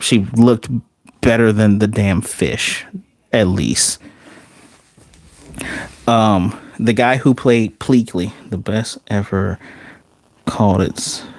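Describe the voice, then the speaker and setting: A man who reviews movies, giving casual, animated, sarcastic commentary with some swearing. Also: medium pitch, no echo.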